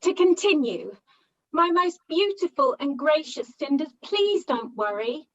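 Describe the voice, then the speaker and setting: A lovesick, cheerful Buttons, played by a woman in an amateur panto, gushing sweetly with a very high, lively voice. The sound is dull and lo-fi. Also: measured pace, full character voice.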